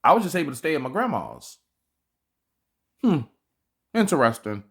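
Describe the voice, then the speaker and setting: A man's voice: on the high side, very animated, normal speed, a bit bright. A man hosting a reaction video, giving casual, slangy commentary and swearing freely.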